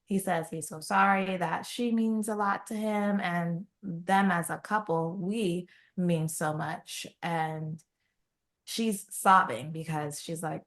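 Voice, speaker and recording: A woman with a fairly low voice recaps a romance novel for her podcast co-host. She talks casually and animatedly, slipping into the characters' voices for quoted lines. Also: fairly even intonation, slow, fairly bright tone. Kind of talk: casual book recap chat.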